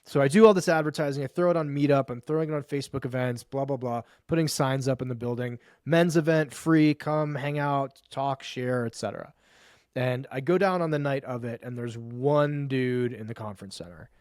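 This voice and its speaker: A man's voice: medium pitch, a little mellow, no room sound, studio quality. Emphatic, salty-mouthed male storyteller. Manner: emphatic, profane, fast-building lists. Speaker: podcast guest, men's coach. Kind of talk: animated storytelling in conversation.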